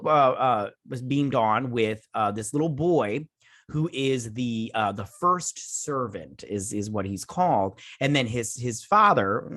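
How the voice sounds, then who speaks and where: A man's voice: mid-range voice, fairly bright tone, no echo, studio quality. A man hosting his own channel, reviewing a TV episode in a rambling, scatterbrained casual chat. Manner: rambling, scatterbrained, many restarts.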